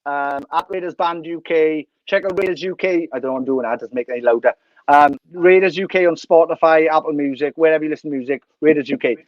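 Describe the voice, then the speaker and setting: A man's voice: a little high, quick pace, dry recording, muffled recording. A Welsh man as a guest on a podcast video call, cheeky, self-mocking and sweary. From Wales. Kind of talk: casual chat.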